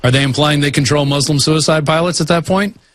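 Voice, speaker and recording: A male co-host on a talk show, explaining points in a measured way. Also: fairly high pitch, fairly even intonation, a bit bright. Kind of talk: radio talk show discussion.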